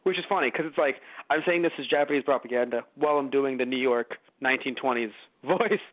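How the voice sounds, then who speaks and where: A man hosts a casual movie review podcast, rambling with many fillers and restarts. He speaks quickly in a mid-range voice, and the audio is dry and lo-fi, like a phone.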